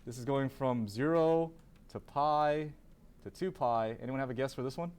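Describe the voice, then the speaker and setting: A man's voice: medium pitch, normal speed, darkish tone, smooth. A man teaching a calculus class, asking students questions, then answering them himself and repeating key terms. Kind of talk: classroom lecture.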